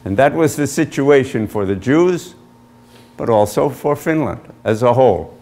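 A man, an author, giving an illustrated history lecture with measured storytelling and frequent pauses as he points to slides. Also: mid-range voice, animated, warm tone. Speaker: author giving a book talk.

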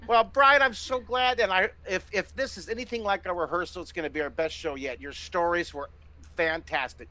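A middle-aged man hosting a live online drawing lesson, giving excited, encouraging step-by-step instructions as he sketches. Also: high voice, brisk. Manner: enthusiastic, encouraging, exclamatory. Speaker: drawing teacher and host.

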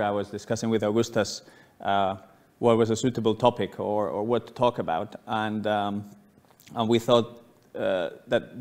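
A man of around forty from Spain with a Spanish accent, giving a university lecture in an unhurried, halting, conversational way with frequent pauses. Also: mid-range voice, a little mellow. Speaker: guest lecturer, architect. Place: lecture hall.

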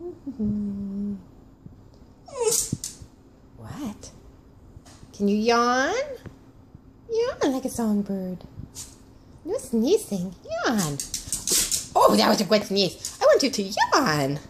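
A woman filming her dog at home, talking to it in a playful, excitable, coaxing way. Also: medium pitch, extremely slow, pauses often, a little hiss or hum. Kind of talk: casual home video. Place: home indoors.

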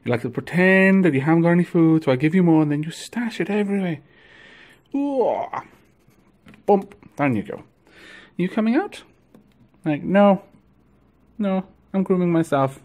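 A man filming a casual vlog of his pet ferrets, cooing to them in gentle baby talk. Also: sits high, lively intonation, moderate pace, pauses often. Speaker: vlogger.

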